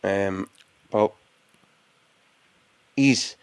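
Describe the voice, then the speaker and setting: A man's voice: on the low side, extremely slow, clean tone, dry recording. A British man in casual live-stream banter on a video call, teasing, rambling and swearing freely. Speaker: panel guest.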